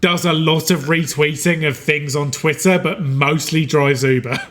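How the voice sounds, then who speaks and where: Guy gm-ing a tabletop game, kinda high voice, loose and chatty. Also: steady tone, moderate pace, a bit bright. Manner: dramatic monologues for dying characters. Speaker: game master.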